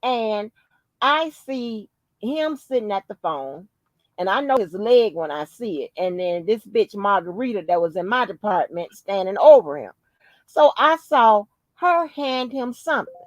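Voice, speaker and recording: In poor audio without room sound, an unhurried woman with a mid-range voice hosts a podcast. She tells a story in relaxed conversation, cursing heavily and hitting her points with emphasis, an animated and profane storyteller.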